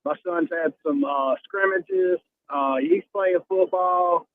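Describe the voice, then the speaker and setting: A man in his forties calling into a radio show from his car on the highway, friendly and rambling. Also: slow, no echo. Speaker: caller. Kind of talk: casual phone call. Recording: tinny phone line with road noise.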